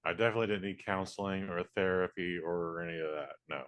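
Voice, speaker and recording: A man co-hosting a casual podcast with a somewhat low voice. He talks in a laid-back, blunt way and swears freely. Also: quick pace, a bit bright, clean tone. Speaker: podcast co-host.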